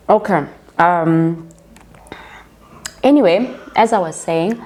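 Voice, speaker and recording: South African woman telling a slow, chatty story. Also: fairly low pitch, slight background noise. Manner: chatty, animated retelling with quoted dialogue; addresses viewers as guys. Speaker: vlogger. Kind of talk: casual storytime chat.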